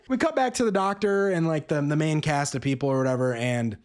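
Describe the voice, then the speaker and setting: Exasperated, profane movie reviewer with a lively voice. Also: mid-range voice, brisk, few pauses. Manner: acts out characters mid-rant. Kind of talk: casual ranting film review.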